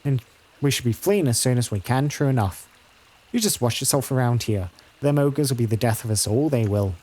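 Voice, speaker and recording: A man's voice: mid-range voice, expressive, brisk, a little mellow, lightly acted. A gloomy country herder from a fantasy game who rambles in folksy, ungrammatical talk, as a man plays him. He sounds close to an everyday man's voice. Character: rustic middle-aged male cattle herder, gloomy.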